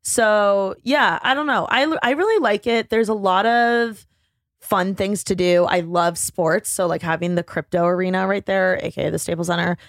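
A woman in her twenties from Indiana, a podcast guest chatting casually and animatedly, jumping up in pitch when she quotes people. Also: normal speed, dry recording, studio quality. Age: 20s. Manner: animated, jumps high when quoting people. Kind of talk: casual chat.

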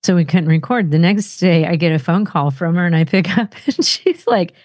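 A woman co-hosting a podcast, telling stories in an animated, chatty way. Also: fairly low pitch, fairly quick, no room sound, studio quality. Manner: animated, laughing storyteller. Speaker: podcast co-host. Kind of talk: casual chat.

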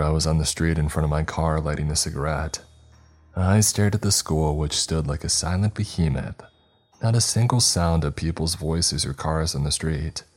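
A man narrating a first-person horror story in a steady, scripted storytelling manner. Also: a bass voice.

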